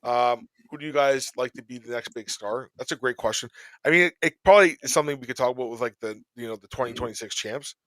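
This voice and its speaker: A man hosting a podcast in casual chat, rambling through topics with quick joking asides. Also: medium pitch, fairly bright tone, no room sound. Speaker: podcast host.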